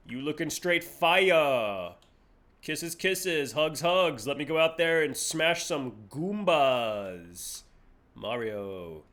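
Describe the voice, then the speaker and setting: A man's voice: a little high, fairly bright tone, pitched below the performer's own voice, heavily acted. A man doing a clumsy Mario impression. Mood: swaggering. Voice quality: clumsy put-on Italian impression. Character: goofy boastful male Italian plumber.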